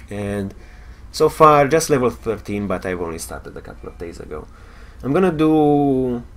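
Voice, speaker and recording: Man, young adult, romanian accent, casual game stream, hesitant, wry. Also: lowish voice. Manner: hesitant, many fillers, wry.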